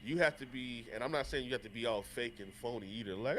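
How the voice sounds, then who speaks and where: A man's voice: medium pitch, fast talker. A man with a stuffed-up, nasal voice, a podcast guest talking bluntly and emphatically, swearing casually. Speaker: podcast guest, content creator.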